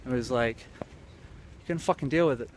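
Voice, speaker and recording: A man ranting in a rambling, sweary, deadpan way as a comic monologue to camera. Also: mid-range voice, measured pace. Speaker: comedy vlogger. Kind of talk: absurd comic rant to camera. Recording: clear traffic noise outdoors.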